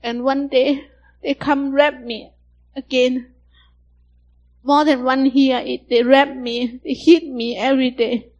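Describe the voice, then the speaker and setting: Soft, slow woman. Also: sits high, little pitch movement, muffled recording. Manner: halting, simple broken English, soft-spoken. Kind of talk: personal testimony.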